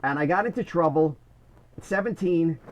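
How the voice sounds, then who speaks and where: Brief: middle-aged New man, fairly high voice, animated storyteller who restarts often. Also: moderate pace, low-quality recording. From Bronx, New York. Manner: animated, many restarts, "I says". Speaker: guest, former corrections officer. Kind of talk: casual storytelling.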